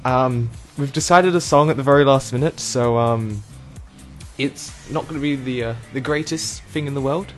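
A man hosting a casual online show, playful and rambling, with lots of ums and quick asides. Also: mid-range voice, soft background music. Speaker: host. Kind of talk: casual podcast chat.

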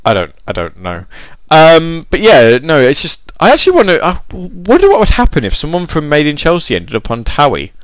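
A man's voice: fairly high pitch, huge pitch swings, fairly quick, hardly any pauses, no echo. A man chatting casually, rambling and joking at his own expense. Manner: rambling, joking, self-deprecating. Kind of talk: casual chat.

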